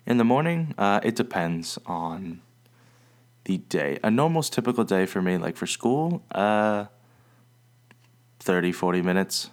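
A young man with a deep, low-pitched voice co-hosts a podcast. He speaks casually, with relaxed fillers and easy restarts. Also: a little slow, pauses often. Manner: relaxed, loose talk with fillers. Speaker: podcast co-host. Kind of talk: casual chat. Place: home, downstairs.

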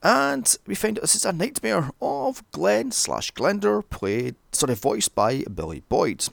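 A British man narrating a sweary, comedic movie recap, his voice swooping wildly up and down with a gravelly rasp at the bottom. He wanders into sarcastic asides, and the sound is dry and close. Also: high-pitched, sing-song, a little slow, no room sound. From Britain. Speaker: film reviewer.

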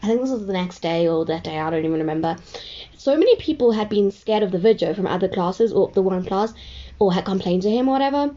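Rambling woman, mellow voice. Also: mid-range voice, animated, fast talker, highs cut off. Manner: rambling, chatty, heavy use of "like". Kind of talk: casual storytelling.

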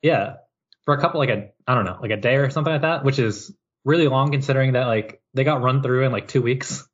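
Husky man rambling through a joking recap. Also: medium pitch, quick pace, lo-fi sound. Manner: joking, rambling history recap with mock quotes. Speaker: podcast co-host. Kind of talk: casual chat.

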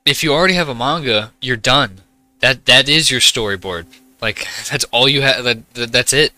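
Bright-voiced young man, casual podcast host. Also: medium pitch, moderate pace, dry recording. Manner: relaxed, swears freely, eats while talking. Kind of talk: casual chat.

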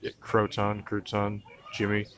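A man's voice: on the low side, monotone, measured pace, a bit bright. Rambling, foul-mouthed American guy. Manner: rambling, profane storytelling. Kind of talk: casual gaming chat.

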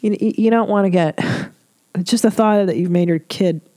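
A middle-aged woman hosts an advice podcast, talking frankly and swearing freely as she responds to listener letters. Her voice sits at a middle pitch, recorded dry and close with no room sound. She gets openly emotional while she talks. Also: normal speed, mellow, dry recording. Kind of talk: candid advice chat.

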